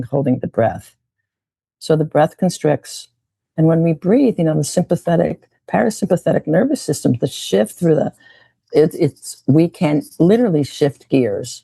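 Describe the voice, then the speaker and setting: Gravelly, husky woman guiding meditation. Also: low voice, no room sound. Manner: slow, gentle, repeats phrases. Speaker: meditation and yoga teacher. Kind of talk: guided meditation and talk.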